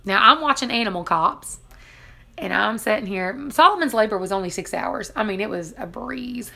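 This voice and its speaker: A woman's voice: medium pitch, expressive, moderate pace, gravelly, pushed and bright. A woman in her thirties, chatting casually on a live stream, laughing often and acting out what people said. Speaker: vlogger reading live chat.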